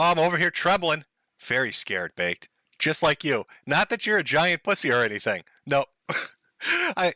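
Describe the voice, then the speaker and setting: Sarcastic man, bright and lively. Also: a little high, dry recording, studio quality. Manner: sarcastic, mocking, laughs often. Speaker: live stream host. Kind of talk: live stream commentary.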